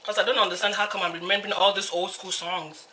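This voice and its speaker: A young woman with a Nigerian accent chats to the camera between bites in a casual, hyper style. Her voice is bright and forward. She keeps breaking into snatches of song and quick Yoruba asides. A faint hum of noise sits under her voice. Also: mid-range voice, steady tone. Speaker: mukbang host. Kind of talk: casual eating-show chat.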